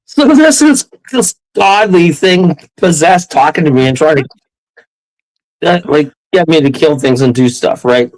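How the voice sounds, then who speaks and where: A Canadian man telling a wild story as an interview guest, rambling and excitable, often breaking into laughs. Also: a little high, a little slow, low-quality recording.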